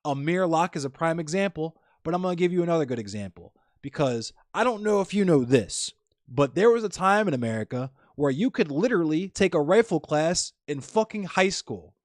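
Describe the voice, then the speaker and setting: Heated man streamer, swearing, lecturing, fairly high voice, dry close sound. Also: animated, a little fast, dry recording. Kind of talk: angry political rant to chat.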